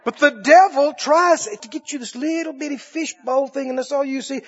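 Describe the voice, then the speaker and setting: A man preaching a sermon emphatically, repeating phrases and rising into shouts. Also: very high-pitched, normal speed, few pauses. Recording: dull lo-fi recording.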